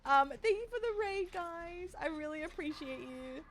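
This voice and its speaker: A young woman streaming a game, chatty and excitable, breaking into frightened screams. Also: very high-pitched, normal speed, slight background noise. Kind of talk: casual live-stream chat while gaming.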